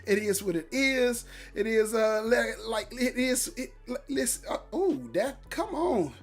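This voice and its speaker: A man's voice: very high voice, measured pace, faint music behind. Hyped man hosting a morning livestream. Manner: hyped, upbeat encouraging talk; loose and repetitive, with restarts and catchphrases. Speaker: livestream host. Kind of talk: casual livestream chat, reading viewer comments.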